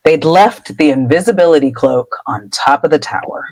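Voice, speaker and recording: A woman's voice: low-pitched, moderate pace, few pauses, no room sound, poor audio. A woman podcast host casually recapping a book chapter, laughing and popping into character voices. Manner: animated, laughing storyteller.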